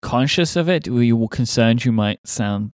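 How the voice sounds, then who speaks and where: A man chatting on a podcast, relaxed and telling stories. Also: mid-range voice, normal speed, no echo, studio quality. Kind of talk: casual podcast chat.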